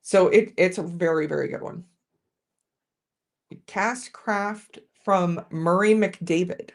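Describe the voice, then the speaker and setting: A woman with a fairly low voice speaks slowly as she hosts a casual whiskey tasting on a live stream. She chats with viewers and keeps restarting her sentences.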